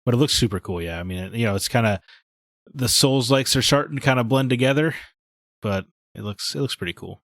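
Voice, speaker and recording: A man's voice: medium pitch, brisk, fairly bright tone, dry recording, studio quality. A man co-hosting a gaming podcast, talking in blunt, opinionated casual chat. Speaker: podcast co-host.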